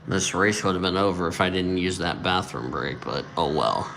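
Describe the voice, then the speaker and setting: A man with a lowish voice calls a sim racing league live in a casual, chatty way. He is tired and yawning, yet he perks up loudly whenever someone gets wrecked. He speaks into a desk mic over a faint hiss. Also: moderate pace, vocal fry. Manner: excitable, reacts loudly to crashes. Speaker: race commentator.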